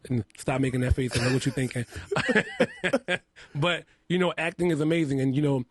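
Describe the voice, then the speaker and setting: A man's voice: a little high, wildly swooping pitch, moderate pace, dry recording. A man with a lisp, a guest on a casual radio interview, talking candidly, laughing often and repeating himself. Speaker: interview guest, makeup artist. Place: radio studio.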